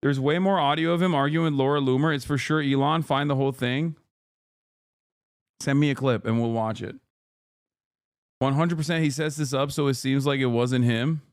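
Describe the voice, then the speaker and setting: A man's voice: medium pitch, normal speed, pauses often, clean tone, no room sound, clean studio sound. A man hosting a live stream, reacting to clips in blunt, profane casual commentary. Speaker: streamer host.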